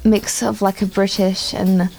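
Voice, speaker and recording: A woman's voice: medium pitch, little pitch movement, measured pace, vocal fry, warm tone, soft background music, rough recording. A young woman with an Australian accent hosting a casual student radio chat, asking her guests questions. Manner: chatty, asks the questions.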